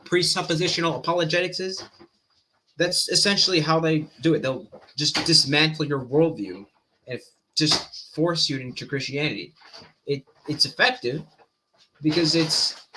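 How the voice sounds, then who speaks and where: Male streamer reacting live, talking fast and cutting himself off, bright tone with faint hiss. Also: fairly high pitch. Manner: fast-talking, animated, self-interrupting. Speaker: stream host. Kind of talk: casual reaction commentary.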